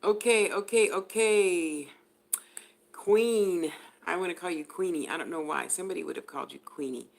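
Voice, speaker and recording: A woman's voice: on the low side, moderate pace, creaky. A woman giving a live spiritual reading to viewers. She talks in a chatty way, laughs often, and addresses people by name. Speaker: spiritual reader.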